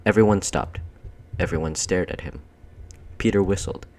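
A man reading a children's storybook aloud in a measured, expressive narration. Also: deep voice. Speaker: audiobook reader.

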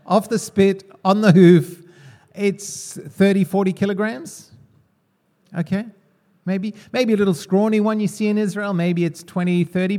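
Male preacher, high voice, conversational, quizzes the room. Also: warm tone. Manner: conversational, asks the congregation questions. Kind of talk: sermon.

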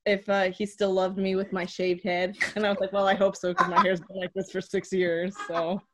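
A young adult woman, a fighter and guest on a podcast, telling stories in a lively, dramatic way. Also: mid-range voice, moderate pace, heavy background noise. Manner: animated, dramatic storytelling. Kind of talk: casual interview chat.

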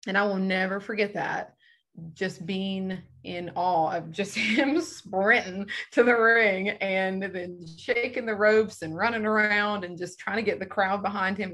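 A woman's voice: medium pitch, a bit bright. A bubbly woman in her thirties, a professional wrestler chatting as a guest in an interview. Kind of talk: casual interview chat.

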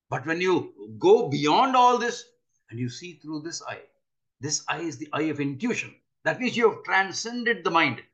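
An older man giving an earnest spiritual talk, often pausing to ask his listeners rhetorical questions. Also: high-pitched, a bit bright. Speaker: spiritual teacher.

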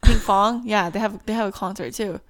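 A woman's voice: mid-range voice, moderate pace. A young woman co-hosting a podcast, chatting casually and rambling with many fillers. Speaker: podcast co-host. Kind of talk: casual chat.

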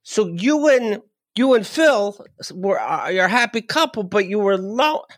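A man hosting a casual comedy podcast, talking in halting bursts with many restarts and fillers. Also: high-pitched, lively intonation, dry recording, clean studio sound. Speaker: podcast host.

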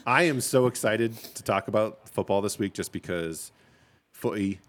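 Man, low voice, opinionated, joking, casual sports chat. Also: moderate pace. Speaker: sports podcast co-host.

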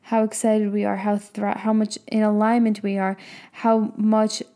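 A woman's voice: medium pitch, flat delivery, unhurried, warm tone. A young adult woman, a business and mindset coach, giving a casual motivational talk full of emphatic rhetorical questions and the odd swear word.

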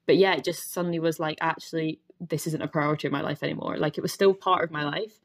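A woman's voice: low voice, fairly even intonation, fast talker. A young Scottish woman chatting as a podcast guest, talking openly with lots of filler words. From Scotland. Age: young adult. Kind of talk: casual podcast chat.

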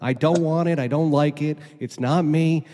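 Male podcast host, mellow voice, cursing golf rant, reverberant room. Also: fairly high pitch, steady tone, moderate pace, slight background noise. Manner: ranting, heavy swearing. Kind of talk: casual golf chat. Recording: long reverb.

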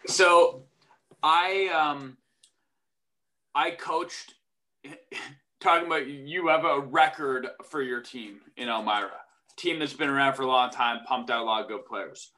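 Bright-voiced teasing man. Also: medium pitch, measured pace, long pauses. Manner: teasing, joking interjections. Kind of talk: casual chat.

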